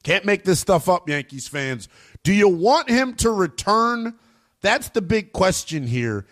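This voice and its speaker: A man giving emphatic, opinionated sports commentary in a slangy, animated way. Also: high voice, unhurried.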